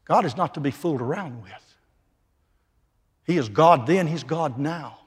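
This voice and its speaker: A man preaching a sermon, emphatic, dropping from loud declarations to hushed lines. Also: on the high side, lively intonation, measured pace, slightly rough. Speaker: pastor. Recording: long reverb of a large hall.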